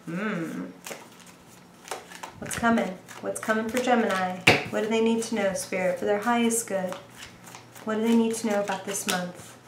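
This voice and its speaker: A woman's voice: mid-range voice, fairly even intonation, moderate pace, pauses often, echoey room, very noisy. Bubbly chatty woman reading tarot. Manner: bubbly, chatty, thinking aloud. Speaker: tarot reader. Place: indoor room with bright light.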